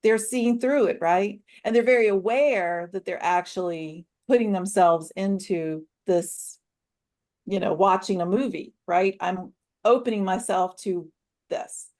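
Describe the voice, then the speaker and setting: Animated woman telling a story. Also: medium pitch, unhurried. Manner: animated storyteller, acts out dialogue. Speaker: coach and discussion host. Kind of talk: casual roundtable discussion.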